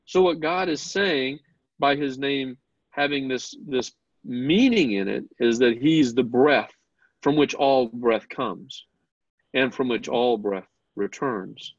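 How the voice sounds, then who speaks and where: Speaking slowly to a Bible class, a man lectures earnestly and with open excitement, repeatedly turning questions back to his students. His middle-pitched voice has a gravelly edge, and the recording is dry, dull and lo-fi with no room sound.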